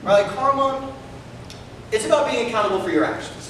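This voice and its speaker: A man's voice: extremely high pitch, brisk. An actor playing a prim, earnest young male history student in an amateur stage play. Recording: distant echoey hall with noise.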